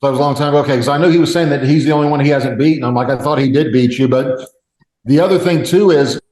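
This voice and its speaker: A man co-hosting a fight podcast, talking quickly in a wry, questioning way. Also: fairly high pitch, a little mellow, echoey room, low-quality recording. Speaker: podcast co-host. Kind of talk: casual chat.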